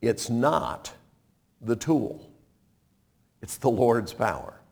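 A man preaching a sermon, retelling a story in a conversational way, with dramatic swings from loud to hushed. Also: medium pitch, very slow, gravelly. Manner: animated, conversational, dramatic shifts in loudness.

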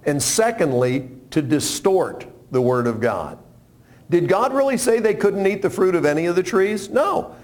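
A man preaching a sermon, animated and humorous, acting out quotes as he tells stories. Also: high-pitched, normal speed.

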